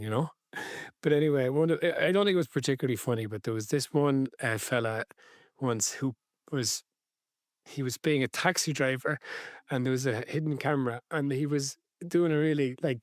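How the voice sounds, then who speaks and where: A man's voice: medium pitch, dry recording, clean studio sound. An Irish man co-hosting a podcast in casual chat, rambling through anecdotes and laughing mid-sentence. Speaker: podcast co-host.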